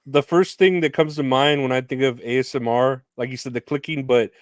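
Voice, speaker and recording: A man's voice: mid-range voice, fairly even intonation, fairly quick, dry recording. Rambling man hosting a podcast, dry sound. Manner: rambling, hesitant, lots of fillers and laughs. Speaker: podcast host. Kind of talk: casual interview chat.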